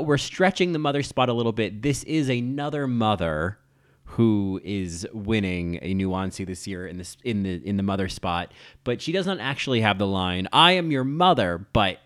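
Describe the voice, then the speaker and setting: Campy, enthusiastic male film podcaster, low voice, dry close sound. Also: no echo. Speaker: podcast host. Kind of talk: casual film commentary.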